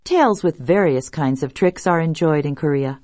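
A woman reading folktales aloud as a storyteller, measured and expressive. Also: low-pitched, noisy background. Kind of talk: scripted narration of folktales.

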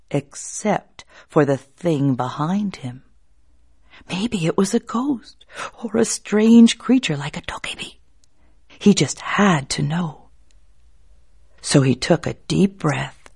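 A woman telling a folk tale in an expressive, drawn-out way, hushing at tense moments. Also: low-pitched, gravelly, breathy edge. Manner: expressive, drawn-out, hushed at suspense. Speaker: storyteller.

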